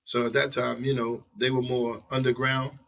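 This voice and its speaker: A man's voice: mid-range voice, normal speed, gravelly. A middle-aged man from New York telling stories from his career as a guest in a casual interview, full of slang and swearing, acting out what people said. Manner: animated storyteller who acts out quotes, profane slang. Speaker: veteran rapper, interview guest. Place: indoor interview room. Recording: voice picked up from a distance.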